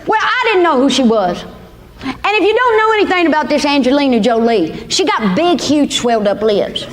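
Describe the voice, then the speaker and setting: A woman's voice: sits high, big pitch swings, normal speed. A middle-aged woman from Kentucky with a Southern accent, doing a brash, folksy stand-up routine full of Southern slang. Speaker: stand-up comedian. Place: comedy club stage before a laughing audience. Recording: live club recording with crowd noise.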